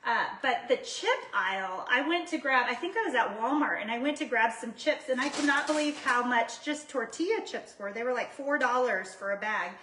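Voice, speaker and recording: A bright, fairly high-voiced woman chats away while she cooks in her kitchen, laughing at herself and talking to the viewers as if they were friends. The room rings with echo, and she often drifts back from the microphone. A faint hiss sits under her voice. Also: animated, normal speed, hardly any pauses, far from the mic. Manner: chatty, self-deprecating, greets viewers by name. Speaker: jewelry maker cooking on a livestream. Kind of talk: casual live cooking chat. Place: home kitchen.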